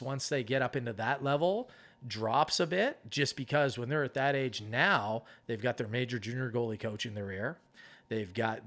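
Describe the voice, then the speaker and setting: A middle-aged man coaching goalies, talking through his methods in a casual interview and acting out arguments. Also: medium pitch. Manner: animated explaining, acts out arguments.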